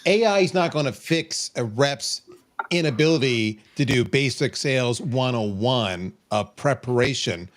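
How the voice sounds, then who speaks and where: A man's voice: mid-range voice, lively intonation, measured pace, a little hiss or hum. A man speaking bluntly as a panelist in a casual sales discussion, chuckling along.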